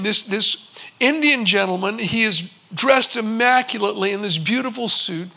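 A male pastor delivers a storytelling sermon, acting out snippets of dialogue as he goes. His voice sits very high and carries a gravelly rasp. The tone is bright and sharp. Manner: storytelling, acts out servants and a visitor in quotes.

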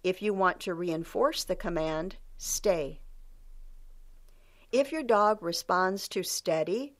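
Woman reading instructions in a measured way. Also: fairly low pitch. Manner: measured, even reading with section headings. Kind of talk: scripted instructional narration.

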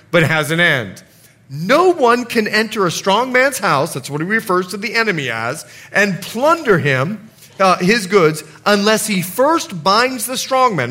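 Lively, bright-voiced male preacher. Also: high-pitched. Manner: animated, acts out scenes and quotes. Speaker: pastor. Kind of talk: sermon.

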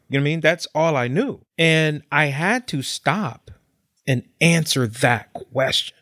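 A man's voice: fairly high pitch, measured pace, fairly bright tone, dry recording, clean studio sound. A man talking on a podcast, swearing freely and getting fired up as he preaches about facing who you are. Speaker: podcast guest. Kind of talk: casual podcast chat.

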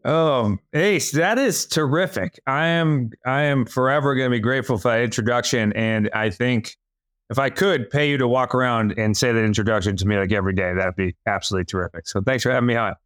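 Man from Massachusetts, podcast guest, smooth clear voice, dry sound, energetic and friendly. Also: medium pitch, dry recording. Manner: energetic, friendly, quick bursts. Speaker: guest, real estate entrepreneur. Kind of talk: casual conversation.

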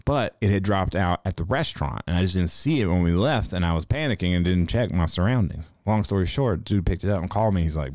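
A man's voice: deep voice, fairly quick, darkish tone, dry recording, clean studio sound. A young man hosting a casual podcast, telling rambling stories full of swearing in a laid-back way. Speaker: podcast host. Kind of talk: casual livestream podcast monologue.

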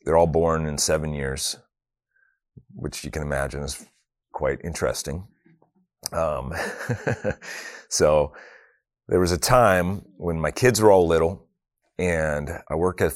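A man's voice: rumbling low, fairly even intonation, normal speed, long pauses, no room sound, clean studio sound. A middle-aged man leading a prayer, then telling personal stories with humor and earnest reflection at a faith talk. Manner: humorous, earnest, acts out family dialogue.

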